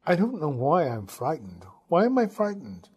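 A man's voice: fairly high pitch, wildly swooping pitch, moderate pace, darkish tone, slightly rough, pitched above the performer's own voice, exaggerated voice. A man reading the lines of a brash, blunt young woman who teases and talks frankly. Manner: blunt, teasing, a little tipsy.

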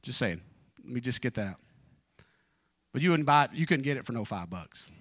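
A man in his forties preaching an evening church sermon, telling personal stories informally with joking asides, and dropping low and fervent in prayer. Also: expressive, fairly quick, a bit bright, no echo, studio quality. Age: 40s.

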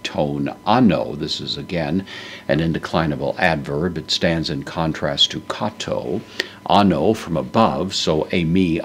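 A man teaching a verse-by-verse Bible lesson, methodically parsing the Greek grammar aloud with frequent pauses. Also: a bass voice, fairly bright tone, slight background noise.

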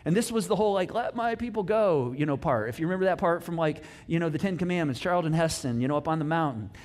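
A middle-aged pastor preaches in a relaxed, chatty way, leaning into the story with jokes and asides. His man's voice sits high, and it swings from loud emphasis to near-quiet musing. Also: fast talker. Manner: animated storytelling with playful asides, wide swings in pitch and loudness. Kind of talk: casual conversational sermon.

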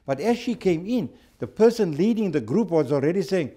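Male Sabbath school teacher from South Africa, mellow, halting, conversational. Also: high-pitched, big pitch swings. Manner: conversational, halting, repeats words. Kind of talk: church Bible lesson with storytelling.

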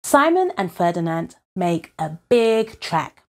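A woman storyteller reading a picture book aloud, unhurried and expressive. Her pitch rises and falls in lively arcs as she takes her time over each line.

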